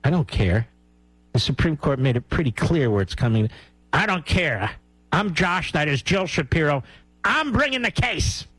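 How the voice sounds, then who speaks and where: A man's voice: fairly high pitch, big pitch swings, normal speed, a bit bright, breathy edge, no echo, heavily acted, low-quality recording. A male radio host voicing a stubborn, dismissive male politician who stammers through excuses and then gets defiant.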